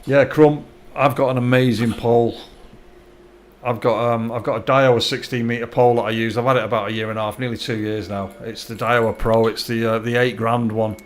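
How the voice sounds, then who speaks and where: A man's voice: medium pitch, fairly even intonation, brisk. Chatty man streaming a fishing game. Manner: chatty, friendly, repeats words and restarts. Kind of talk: casual live-stream chat.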